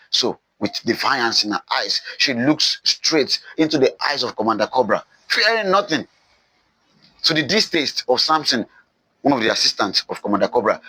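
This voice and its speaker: A man teaching literature, retelling a novel's plot in an animated way and repeating phrases for emphasis. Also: fairly low pitch, slightly rough, dry recording, poor audio. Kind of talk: novel summary lecture.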